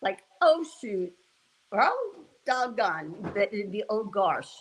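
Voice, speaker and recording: Slow, chatty woman livestream host. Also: mid-range voice, very animated, low-quality recording. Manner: rambling and chatty, often laughing and restarting. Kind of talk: casual chat with live viewers while cooking.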